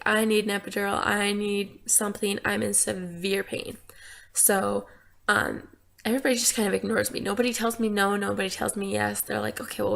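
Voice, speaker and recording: Young woman vlogging, talks casual with tons of likes, kinda gravelly fry in her voice. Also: medium pitch, slight background noise. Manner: chatty, lots of "like" fillers. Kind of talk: casual storytelling.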